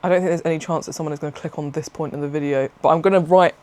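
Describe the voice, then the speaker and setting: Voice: mid-range voice, rapid-fire, no echo. A craft vlogger, talking in a casual, rambling way and often laughing and breaking off mid-thought. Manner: rambling, excitable, self-interrupting, laughs often. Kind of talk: casual chatty vlog.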